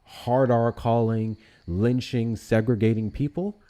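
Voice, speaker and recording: A man hosting a live debate, arguing his point with long hypotheticals and slowing down on key words. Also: mid-range voice, fairly even intonation, dark tone. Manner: argumentative, builds hypotheticals, drawls key words slowly. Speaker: debate show host.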